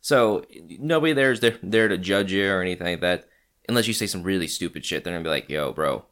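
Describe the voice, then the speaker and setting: A man's voice: deep voice, fast, a bit bright. A man in casual podcast chat who swears freely and laughs often. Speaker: podcast co-host.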